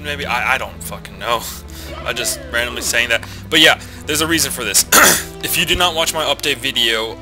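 A young man with a nasal, mid-range voice and a bright, forceful tone commentates a let's play over game music. He rambles, swears casually, and throws in self-mocking asides.

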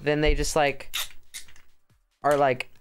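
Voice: medium pitch, monotone, slow pace, faint music behind. A streamer chatting casually through a livestream while crafting, rambling and joking with mock drama.

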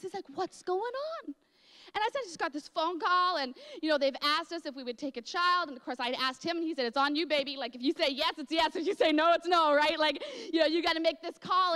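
A woman's voice: high voice, fairly bright tone. A woman pastor preaching a sermon, telling a personal story with dramatic emotional swings. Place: large church hall. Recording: echoey church hall.

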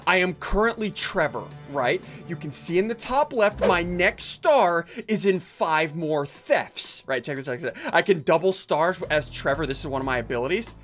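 A man hosting excited gameplay commentary, explaining as he plays and often yelling and laughing. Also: fairly high pitch, normal speed, few pauses. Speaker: gaming YouTuber host. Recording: music playing underneath.

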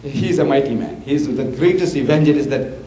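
An older man from Africa, giving an impassioned public lecture and answering questions, with animated, forceful swings of pitch. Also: fast. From South Africa. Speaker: preacher and debater. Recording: roomy hall with faint hiss, archival tape.

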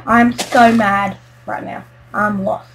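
A woman hosting a gaming video, talking through her play in a casual, excitable way and yelling when frustrated. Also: mid-range voice, takes it slowly, a little hiss or hum, low-quality recording. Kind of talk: casual game commentary.

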